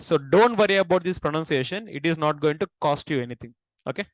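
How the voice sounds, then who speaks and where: Indian man, high voice, lecturing a class and quizzing students, dry close recording. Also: animated, brisk, no room sound, rough recording. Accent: Indian English. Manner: asks the class questions and repeats key points. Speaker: teacher.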